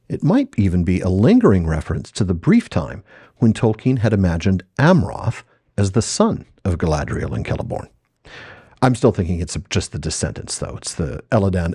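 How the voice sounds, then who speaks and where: A male podcast host lays out his explanations with scholarly enthusiasm. His low, mellow voice swings widely in pitch. The sound is dry and close. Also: husky, no room sound.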